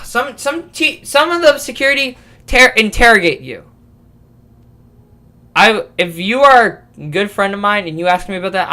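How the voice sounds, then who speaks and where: A man's voice: high-pitched, sharp tone. A young man in his late teens rambling through a casual podcast rant, swearing and restarting his sentences often. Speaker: vlogger.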